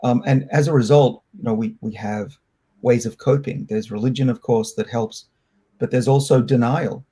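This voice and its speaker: A middle-aged man from Australia, a scientist answering interview questions in a candid, reflective, loose and halting way. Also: mid-range voice, steady tone, mellow, breathy edge. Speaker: scientist guest.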